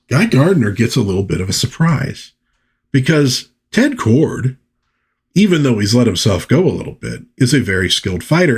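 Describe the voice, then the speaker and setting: A man's voice: mid-range voice, slightly rough. A man hosting a comic book review show who narrates the story casually, reads panel dialogue aloud and breaks off for chatty asides. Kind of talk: casual commentary.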